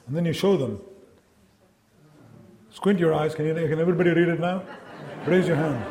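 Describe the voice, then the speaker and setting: A man giving a lively academic lecture to a live audience, quizzing the listeners and acting out sounds and quoted voices. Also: on the high side, moderate pace, pauses often, noisy background. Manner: lively, engaging, asks the audience questions.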